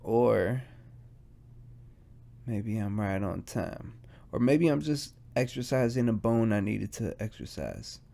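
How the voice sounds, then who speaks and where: A man's voice: lowish voice, lively intonation, takes it slowly, gravelly, mellow. A stoned man hosting his solo podcast, rambling, swearing and mocking himself as he goes. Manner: rambling, profane and self-mocking. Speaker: podcast host. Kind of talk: casual solo podcast monologue.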